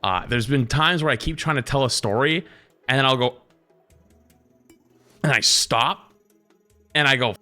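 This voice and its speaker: A man streaming live, chatting casually with his viewers and telling stories in an animated way, jumping into other people's voices. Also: mid-range voice, measured pace, long pauses, faint music behind.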